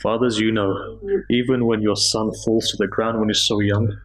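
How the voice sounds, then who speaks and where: A man's voice: lowish voice, little pitch movement, moderate pace, low-quality recording. A man preaching a sermon at a mosque, telling stories emotively, his voice rising in the moving passages. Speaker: speaker at a mosque gathering. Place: mosque hall.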